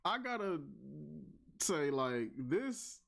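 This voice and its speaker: A man's voice: on the high side, sing-song, extremely slow, a bit bright. A man giving casual movie review commentary, exasperated as he rants about the film's plot holes.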